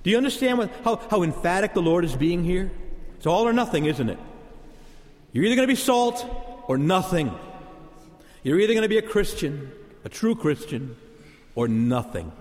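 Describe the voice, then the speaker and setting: A man's voice: sits high, very animated, normal speed, a little mellow. A man preaching a sermon as pastor, emphatic and repeating key words for punch. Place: church. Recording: long church reverb.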